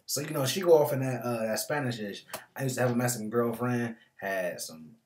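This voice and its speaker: A man's voice: medium pitch, fairly quick, darkish tone, slight background noise. A man hosting a casual movie review vlog, talking in a slangy, rambling way with joking asides. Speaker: movie reviewer, show host.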